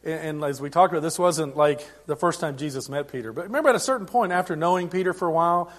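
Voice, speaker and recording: A man's voice: a little high, fast. Man preaching a sermon, conversational. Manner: conversational preaching with frequent restarts and swings in loudness. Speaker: pastor.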